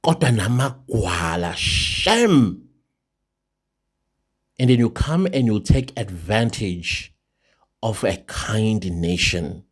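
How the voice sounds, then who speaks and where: A man's voice: fairly low pitch, lively intonation, takes it slowly, husky. A South African man hosting an impassioned opinion monologue, firing off rhetorical questions. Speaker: show host.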